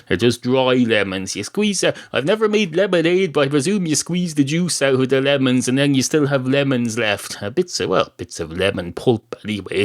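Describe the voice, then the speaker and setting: Irish man, podcast host, sardonic rambling monologue, very lively pitch, swears freely. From Ireland.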